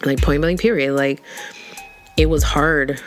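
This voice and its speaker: A woman's voice: sits low, fairly even intonation, unhurried. Woman, candid personal vlog, frank and casual with easy laughs and swearing; faint background music. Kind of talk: candid personal talk to camera.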